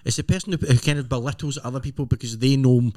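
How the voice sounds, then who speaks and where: A man's voice: medium pitch, fairly even intonation, racing, dark tone, no echo, clean studio sound. A man with a west of Scotland accent, co-hosting a casual podcast chat, often saying "aye" and "right?". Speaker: podcast co-host.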